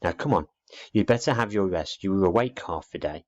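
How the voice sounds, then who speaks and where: A man's voice: deep voice, lively intonation, brisk, darkish tone. A man voicing a firm, patient mother barn owl in a storybook reading, dull lo-fi recording.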